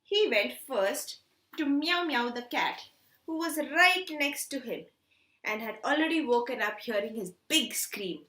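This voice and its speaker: A woman telling a story to children in a lively way and asking them questions. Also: high voice, a little slow, echoey room. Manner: animated, asks children questions. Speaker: storytelling teacher.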